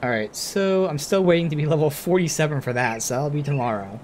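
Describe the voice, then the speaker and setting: A man streaming a game, commenting casually and thinking aloud with sudden bursts of excitement. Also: fairly high pitch, quick pace, slight background noise.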